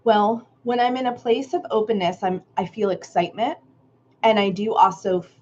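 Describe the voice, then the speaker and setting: A woman's voice: medium pitch, fairly even intonation, moderate pace, a little mellow, muffled recording. A woman hosting a live creative workshop stream, greeting viewers by name and musing reflectively on their comments.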